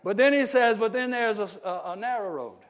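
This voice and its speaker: High-voiced preacher man, emphatic. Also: fairly quick. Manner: asks the congregation questions and rises to emphatic shouts. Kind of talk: sermon. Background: congregation calling out responses.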